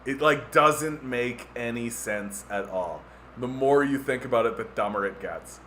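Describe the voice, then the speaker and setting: A man's voice: mid-range voice, a little slow, pushed and bright, slight background noise. A Canadian man hosting a podcast, ranting casually with sarcastic mockery and many filler words. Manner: sarcastic, mocking impressions, lots of "like" fillers. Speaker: podcast host.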